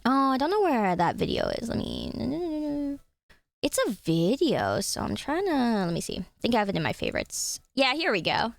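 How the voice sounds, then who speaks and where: Giggly high-voiced woman streamer. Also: wildly swooping pitch, moderate pace, creaky, dry recording. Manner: giggly, chatty, swears casually. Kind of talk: casual live-stream chat.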